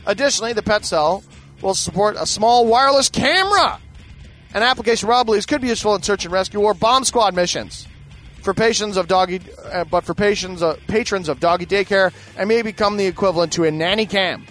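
A man's voice: sits high, fairly quick, a bit bright, faint music behind. A man reading tech news aloud and breaking off into profane, sarcastic asides as a podcast host.

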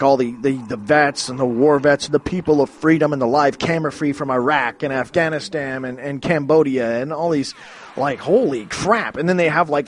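Rambling, swearing man from Canada. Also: a little hiss or hum. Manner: rambling, swearing, restarts, sudden high exclamations. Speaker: ranting commentator. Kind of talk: profane rambling rant.

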